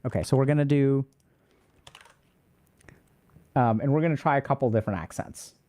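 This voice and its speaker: Male streamer, mid pitch, loose rambling delivery, chatting with viewers. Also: rapid-fire, darkish tone. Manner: loose and rambling, talks to chat. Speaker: streamer answering chat questions. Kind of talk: casual livestream chat.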